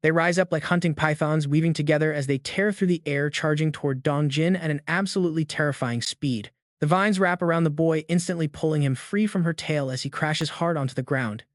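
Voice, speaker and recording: Guy narrating a comic recap, kinda high voice, dry close sound, steady dramatic telling. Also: fairly quick, few pauses, no echo. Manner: steady, dramatic storytelling delivery.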